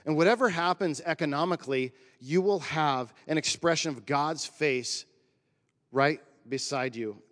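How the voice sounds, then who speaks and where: Conversational pastor in a reverberant hall. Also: male voice, fairly high pitch, measured pace. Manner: conversational, animated storytelling. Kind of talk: sermon.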